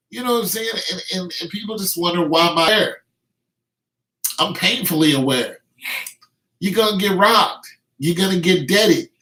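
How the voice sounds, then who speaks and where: A man's voice: fairly high pitch, pushed and bright. Emphatic middle-aged man in a roomy echo. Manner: emphatic, repeats words when stressing a point. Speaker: vlogger. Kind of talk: ranting commentary to camera.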